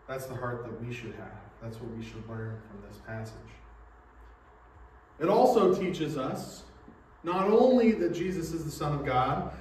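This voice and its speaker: A man's voice: fairly high pitch, animated, normal speed, a little mellow. A man, a pastor, preaching a sermon in a church and explaining his points earnestly with rhetorical questions. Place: church sanctuary. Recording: echoey hall, mic from a distance.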